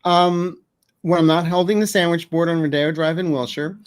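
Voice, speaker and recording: A man's voice: a little high, steady tone, normal speed, clear, resonant tone, no room sound. Joking man with a dry close sound. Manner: chatty, joking storyteller. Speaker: psychic, co-host. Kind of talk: casual chat.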